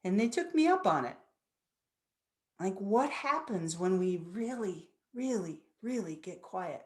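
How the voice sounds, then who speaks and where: A woman's voice: medium pitch, lively intonation, measured pace, darkish tone. A woman in her fifties giving a personal storytelling talk as a guest speaker at a spiritual center, earnest and reflective. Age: 50s.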